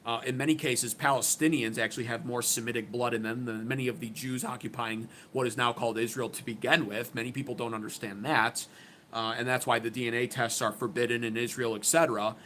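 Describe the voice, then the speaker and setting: A mid-range, steady male voice, fairly quick and fairly bright, comes with a slight hiss or hum in the background. The American host of his own channel shares opinionated political commentary, emphatic and sarcastic, often breaking off to restart sentences.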